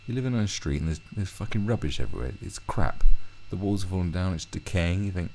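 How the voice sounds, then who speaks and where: A man's voice: low voice, animated, fast, hardly any pauses, darkish tone, slight background noise. A man ranting through a commentary video, swearing heavily and often restarting his sentences. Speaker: commentary vlogger.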